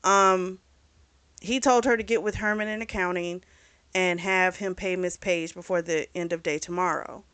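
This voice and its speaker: Her voice is lowish, fairly bright, clear and resonant, with fairly even intonation at a normal speed. She's a book club host casually recapping a novel, chatty and informal, with mild swearing and frequent fillers. When retelling scenes she briefly performs the characters' lines.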